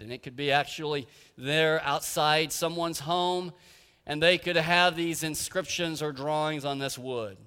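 A man's voice: on the high side, a bit bright. A man preaching a sermon as pastor, earnest and emphatic, with rhetorical questions, in a church sanctuary. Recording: echoey hall with long reverb.

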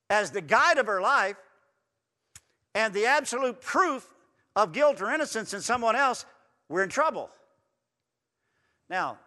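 A man preaching a folksy sermon in a church hall, animated and building to loud emphatic runs. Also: high-pitched. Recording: long reverb in a hall.

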